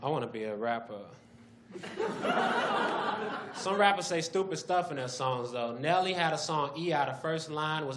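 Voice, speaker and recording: Animated man doing stand-up. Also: fairly high pitch, fairly quick, few pauses. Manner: animated, acts out characters. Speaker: stand-up comedian. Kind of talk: stand-up comedy. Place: comedy club. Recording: echoey club, loud crowd noise.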